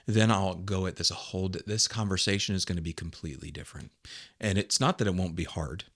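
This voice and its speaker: Low-voiced man, earnest pastor talk. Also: a little fast, no room sound, studio quality. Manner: earnest, animated preacher-like emphasis. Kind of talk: casual podcast discussion.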